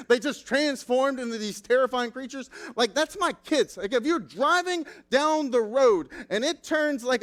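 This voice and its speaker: Man, thirties, pastor: bright high voice, loose chatty sermon, lots of "like" fillers. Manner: chatty, self-deprecating, filler-heavy. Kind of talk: casual sermon with personal stories.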